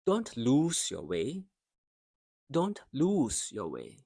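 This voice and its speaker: A man teaching English pronunciation, carefully modelling words and phrases, then pausing so learners can repeat after him. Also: mid-range voice, huge pitch swings, vocal fry, warm tone, husky, no echo, clean studio sound. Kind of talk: slow, deliberate pronunciation drill.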